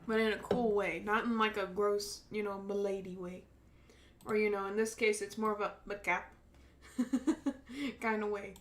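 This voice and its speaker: A woman's voice: mid-range voice, fairly even intonation, measured pace. A young woman streamer casually commenting while playing a game, chatty and giggly, with lots of fillers and restarts. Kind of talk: casual let's-play commentary.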